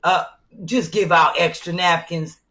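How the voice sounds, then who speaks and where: A woman co-hosting a comedy podcast in casual chat, telling animated stories and acting out what people said. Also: fairly low pitch, a little slow, poor audio. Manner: animated storytelling, acts out quotes. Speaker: podcast co-host.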